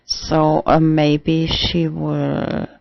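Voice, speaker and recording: A trans man talking haltingly in a casual video diary, with many restarts and fillers. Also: a little high, completely flat delivery, vocal fry, no room sound. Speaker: vlogger. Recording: dull dry lo-fi recording.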